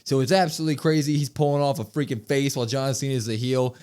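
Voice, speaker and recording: A man co-hosting a podcast, recapping wrestling in a casual, excitable way and acting out quotes with emphasis. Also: medium pitch, fast, smooth. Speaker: podcast co-host.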